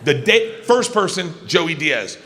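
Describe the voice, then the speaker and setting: A man in his fifties from Florida telling a loud, profane story on stage as a stand-up comedian. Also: a little high, very animated, slow pace. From Florida, USA. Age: 50s. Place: large arena on stage. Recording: arena reverb with crowd noise.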